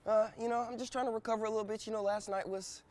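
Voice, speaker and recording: An American man in his thirties hosting a casual travel vlog, telling stories in an animated, profane way. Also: high voice, racing. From United States. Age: 30s. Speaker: vlog host.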